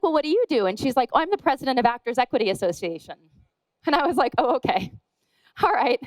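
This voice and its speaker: Woman speaker, fairly high voice, chatty and self-mocking conference talk, dry close sound. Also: fairly bright tone, no room sound, rough recording. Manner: chatty and self-deprecating, acts out dialogue. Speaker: wedding photographer giving a talk.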